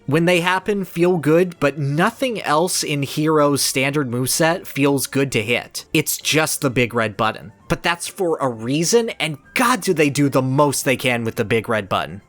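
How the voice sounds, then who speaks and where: A man's voice: a little high, expressive, moderate pace, few pauses, a bit bright, faint music behind. A man in a casual game discussion who lays out his views with passion and analysis. His talk flows in long, eager runs of opinion, stacked point upon point. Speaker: podcast co-host.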